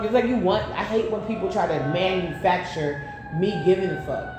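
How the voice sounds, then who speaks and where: A woman's voice: medium pitch, fairly quick, music in the background. Blunt, profane woman reading tarot. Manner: blunt and profane, chatty, storytelling asides. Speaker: tarot reader. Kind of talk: casual tarot reading with personal stories. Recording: very echoey room, faint background noise.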